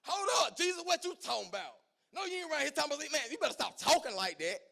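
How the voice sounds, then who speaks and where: A male pastor voicing the disciple Peter in a sermon, blunt and excitable in casual vernacular. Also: extremely high pitch, moderate pace, creaky, pitched above the performer's own voice, exaggerated voice. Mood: excited.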